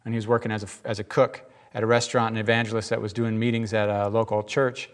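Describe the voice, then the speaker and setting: A pastor delivers a sermon in a lowish voice at a quick pace. He drops casual asides and tells lively stories, acting out the people he quotes.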